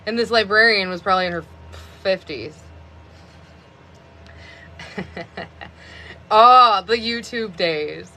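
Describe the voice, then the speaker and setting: Talking into her phone on a live stream, a roughly thirty-year-old woman with a bright, slightly sharp, medium-pitched voice rambles at a slow pace. She pauses often and leans heavily on "like" as a filler, with slight background noise behind her.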